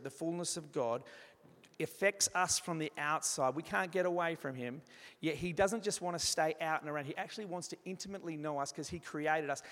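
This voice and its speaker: A man preaching an evening church sermon, earnest, moving from emphatic passages to hushed, soft ones. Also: a little high. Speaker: pastor. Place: church hall. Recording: reverberant hall sound.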